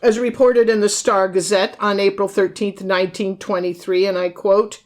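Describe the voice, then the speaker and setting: A woman co-hosting a podcast, reading aloud from her own book and old news clippings in a measured way, naming and quoting her sources. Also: mid-range voice, flat delivery, a little mellow. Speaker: podcast co-host and author. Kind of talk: reading aloud from research notes.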